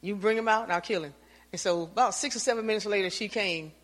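A woman telling a lively, anecdotal testimony to her church, acting out the lines she and others said. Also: mid-range voice, quick pace, in a large hall. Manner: lively storyteller, acts out her own lines. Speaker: church member giving testimony.

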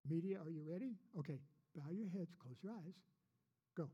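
A man's voice: fairly high pitch, normal speed, dark tone, dull audio, a little hiss or hum. A man preaching a sermon as pastor, folksy, with repeated rhetorical questions.

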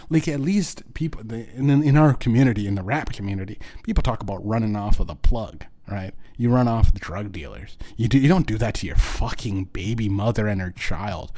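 A man hosting his own show, delivering a bitter, profane rant that swings between loud outbursts and low muttering. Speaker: podcast host. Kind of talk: angry personal rant.

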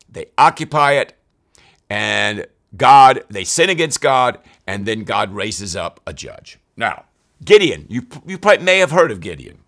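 A man's voice: on the low side, fairly bright tone. Earnest man teaching a Bible lesson. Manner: earnest, repeats key phrases for emphasis; dramatizes quoted scripture with rising intensity. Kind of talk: weekly Bible study lesson.

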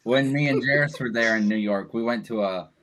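A man in casual group chat who protests excitedly when his friends interrupt him. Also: medium pitch, a little fast, rough recording.

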